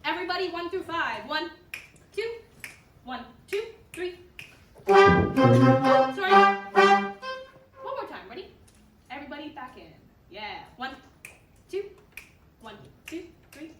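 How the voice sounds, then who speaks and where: A woman's voice: high-pitched, animated, measured pace, long pauses, music in the background. Upbeat woman band teacher, echoey room. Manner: upbeat, encouraging, sings rhythms. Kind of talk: rehearsal instruction. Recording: echoey room, distant mic. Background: band instruments playing.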